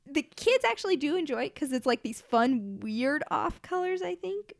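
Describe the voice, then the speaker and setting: A chatty woman in her thirties co-hosts a podcast, talking through favourite children's books with lively, animated delivery and frequent laughter. Her voice sits a little high, and the recording is dry and close. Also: normal speed, creaky, no room sound. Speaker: podcast co-host. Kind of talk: casual chat reviewing children's books.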